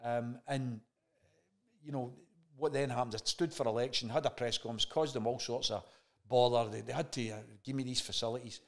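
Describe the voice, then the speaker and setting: Gravelly Scottish man telling a story. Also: medium pitch, fairly even intonation, brisk. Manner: swears freely, acts out remembered dialogue. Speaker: chat show guest. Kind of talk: casual storytelling chat.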